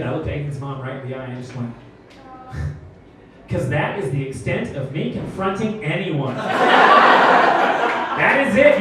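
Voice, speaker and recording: On a comedy club stage before a laughing crowd, a young man with a fairly high voice performs stand-up, telling stories animatedly and acting out characters. The recording is distant and roomy, with heavy background noise and crowd laughter.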